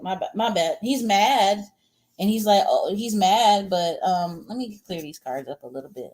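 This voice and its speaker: A woman's voice: mid-range voice, a little mellow. A woman giving a casual livestream tarot reading. She rambles, answers viewer comments, and talks bluntly and crudely, with frequent chuckles between remarks. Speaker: tarot reader.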